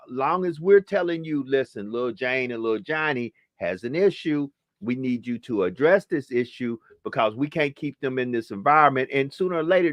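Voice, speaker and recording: A man's voice: mid-range voice, no echo, lo-fi sound. Emphatic man lecturing in dry sound. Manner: emphatic, lecturing, repeats phrases. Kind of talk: talk show discussion.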